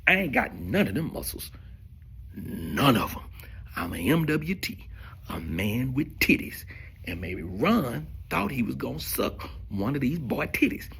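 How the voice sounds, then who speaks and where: A man spins a profane stand-up story in a gravelly voice. His pitch leaps around with lively expression, and he drops from loud bursts to near-whispers. The tone is bright and forceful. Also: unhurried, slight background noise. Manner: profane, animated storytelling with sudden volume drops. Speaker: stand-up comedian.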